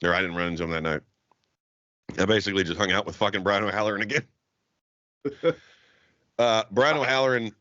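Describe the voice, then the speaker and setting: A young man tells a rowdy story on a podcast, swearing freely and laughing as he goes. His voice sits low yet comes across bright and forceful. The recording is dry and slightly dull. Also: brisk, long pauses, dry recording. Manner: profane, laughing, rambling storyteller. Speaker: podcast co-host. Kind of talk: casual storytelling chat. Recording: dull lo-fi sound.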